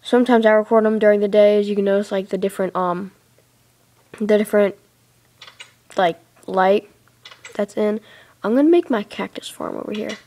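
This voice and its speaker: A woman chatting her way through a building game, rambling and casual, breaking into excited squeals and giggles, recorded in a dark room on a tablet mic. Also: medium pitch, moderate pace, pauses often. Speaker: let's play host. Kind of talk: casual gameplay commentary. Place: dark room, sitting in a big armchair. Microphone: tablet microphone.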